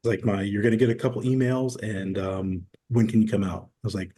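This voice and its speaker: A man in his forties, a podcast guest, telling stories in a relaxed, casual way and acting out quoted dialogue. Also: fairly low pitch, brisk, breathy edge. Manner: relaxed storyteller who acts out quoted dialogue. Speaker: podcast guest, former military. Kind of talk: casual interview storytelling.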